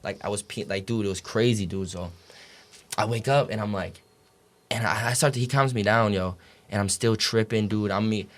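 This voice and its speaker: A man's voice: fairly low pitch, fairly even intonation, normal speed. A young man telling a story as a podcast guest, casual and profane, packed with "like" and "dude".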